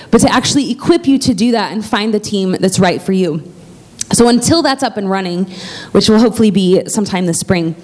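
A woman's voice: mid-range voice, darkish tone. A woman pastor making church announcements from the pulpit, chatty and heartfelt, with plenty of fillers and restarts.

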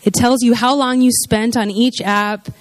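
Chatty higher-voiced woman preaching. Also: fairly even intonation, a little slow, no room sound. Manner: chatty, full of "you know" and "like" asides. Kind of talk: conversational sermon.

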